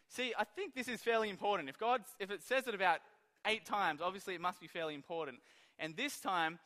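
A man preaching a sermon, telling stories in an animated way and acting out the quoted lines. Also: high voice, a little fast, big-room sound.

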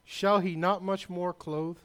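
A male pastor preaching a sermon, emphatic and loud, with asides to the congregation. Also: high voice, steady tone, slow pace, clean tone.

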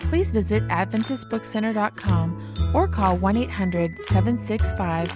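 A woman delivering a scripted podcast outro in a clear, measured voice. A bright, tinkling children's jingle plays clearly beneath her. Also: medium pitch, lively intonation. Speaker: podcast announcer. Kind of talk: scripted closing announcement. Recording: music bed underneath. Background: light children's jingle music.

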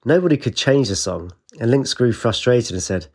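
A man, narrating an audiobook with steady storytelling. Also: medium pitch, moderate pace.

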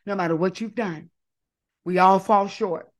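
A woman's voice: medium pitch, measured pace. A woman hosting an inspirational faith talk, coaxing listeners to repeat affirmations after her in call-and-response. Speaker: podcast host.

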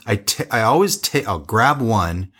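A man's voice: on the low side, lively intonation, measured pace, a bit bright, a little hiss or hum. A man co-hosting a wine podcast, chatting casually and rambling with frequent restarts. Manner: rambling, self-interrupting. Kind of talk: casual chat.

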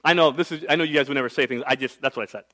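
Talking rapid-fire in a medium-pitched voice, a middle-aged pastor tells a personal story during his sermon. He keeps it conversational, shifting dramatically from quiet to loud.

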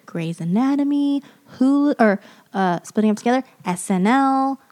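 A woman in her thirties co-hosting a podcast, chatting in a relaxed way with dry humor. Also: sits high, normal speed. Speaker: podcast co-host. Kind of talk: casual chat.

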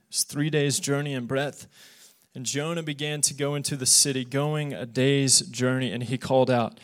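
Young man as youth pastor, earnest and animated sermon, brings quoted lines to life. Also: medium pitch. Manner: earnest, animated preaching that acts out quoted voices. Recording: podcast of a live church sermon.

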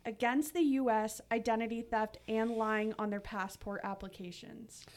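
A woman's voice: on the high side, fairly even intonation, normal speed. A woman co-hosting a casual podcast, reading news headlines and asking questions in a matter-of-fact way.

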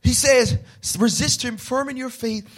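A man preaching a sermon, calling on the congregation to answer and rising into shouted, passionate passages. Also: extremely high pitch, steady tone, unhurried. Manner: call-and-response with the congregation. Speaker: pastor.

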